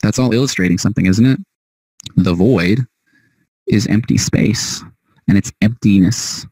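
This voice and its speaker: A man's voice: lowish voice, measured pace, mellow, slightly rough, no room sound, rough recording. A man hosting a solo podcast monologue, heated and emphatic, cursing freely. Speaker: podcast host.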